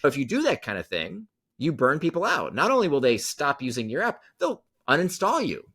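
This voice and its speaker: A man's voice: a little high, huge pitch swings, a little fast, a bit bright, slightly rough. A man talking as a podcast guest, explaining ideas emphatically and repeating key phrases for effect. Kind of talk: animated storytelling explanation.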